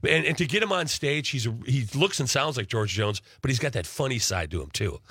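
Chatty man with a bright, lively voice. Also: medium pitch, a little fast, slightly rough, dry recording, studio quality. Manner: chatty and rambling, many fillers and restarts. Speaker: guest entertainer promoting a tribute show. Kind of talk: casual interview chat.

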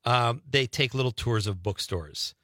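A man's voice: mid-range voice, unhurried, fairly bright tone, no echo, studio quality. A middle-aged man hosting an interview in a chatty way, laughing easily. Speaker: host. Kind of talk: casual interview chat.

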